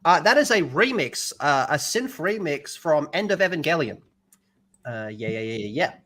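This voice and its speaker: A man's voice: fairly high pitch, sing-song, moderate pace, a bit bright. A man hosting a casual livestream, greeting viewers and swearing freely. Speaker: livestream host.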